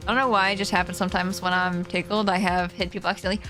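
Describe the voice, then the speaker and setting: A woman's voice: lowish voice, flat delivery, racing, a bit bright, soft background music. A young woman streaming a game, chatting casually and giggling, with lots of "like" fillers. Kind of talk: casual gaming stream chat.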